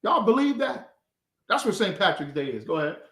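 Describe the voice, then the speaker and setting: A man leading an informal scripture class, talking in a mocking, animated, slangy way. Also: sits high, fairly quick. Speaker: class leader. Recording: echoey room.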